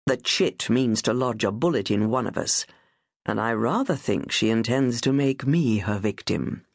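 A woman narrating an audiobook voices a sinister, amused male aristocrat with a mellifluous voice and a soft, mocking drawl. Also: extremely low pitch, expressive, normal speed, dry recording, clean studio sound, pitched below the performer's own voice, full character voice. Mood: silkily menacing. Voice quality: mellifluous, silky. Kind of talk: audiobook character voice.

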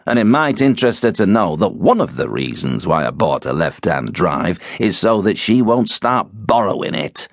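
A man voicing a bad-tempered middle-aged husband who mutters gruffly, in an audiobook. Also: low-pitched, big pitch swings, normal speed, hardly any pauses, no room sound, clean studio sound, exaggerated voice. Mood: irritated.

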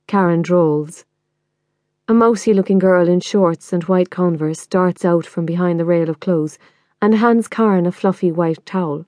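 A woman reading a novel in the first person, measured and intimate. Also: fairly low pitch, mellow, no echo. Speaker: audiobook narrator.

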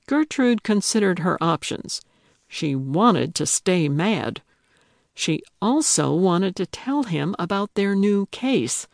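A woman narrating a cozy mystery audiobook at an unhurried pace. Her voice has a gravelly texture, and the recording is close and dry with no room sound. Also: lowish voice, lively intonation, no room sound. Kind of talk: scripted narration.

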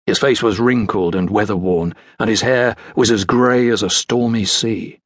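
A man narrating a children's adventure audiobook in a measured storytelling delivery. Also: fairly low pitch, dry recording, studio quality. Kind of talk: scripted narration.

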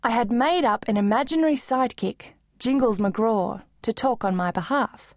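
A woman reads a children's story in first person, lively and expressive, with a fairly high voice. The recording is dry and close, with no room sound. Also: moderate pace, no echo. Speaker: audiobook narrator.

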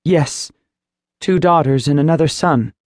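A man's voice: a little high, a little slow, darkish tone, no echo, clean studio sound, voice pushed up, close to an everyday voice. A male audiobook narrator voicing an earnest, insistent middle-aged mother. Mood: pleading. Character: woman, middle-aged mother, firm and pleading. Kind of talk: audiobook character voice.

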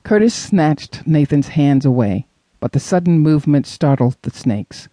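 A man narrating a suspense audiobook in an expressive storytelling manner. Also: fairly high pitch, measured pace, no room sound. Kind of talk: scripted narration.

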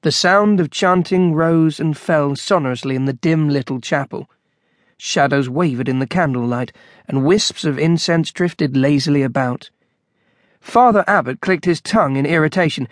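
Guy narrating a story collection, kinda high voice, dry close mic, calm wry delivery. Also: moderate pace, no room sound. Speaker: audiobook narrator.

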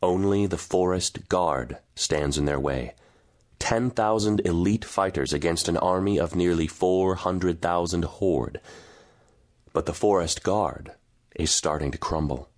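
Deep-voiced man narrating a dark fantasy. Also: unhurried. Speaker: audiobook narrator. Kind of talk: scripted narration.

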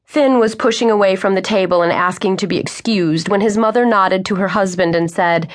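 A woman narrating an audiobook in a smooth, even storytelling manner. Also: mid-range voice, fairly quick. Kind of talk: scripted narration.

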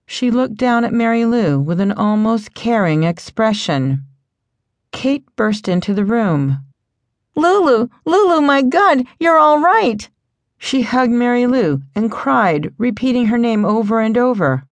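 A woman narrating an audiobook in a steady, dramatic storytelling manner. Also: mid-range voice, a little slow, no echo. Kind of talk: scripted narration.

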